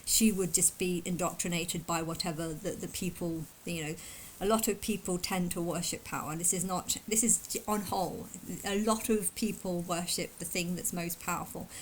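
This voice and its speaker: A woman vlogger talking fast in a casual, emphatic and indignant opinion monologue. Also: lowish voice, a little hiss or hum, rough recording. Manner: fast talker.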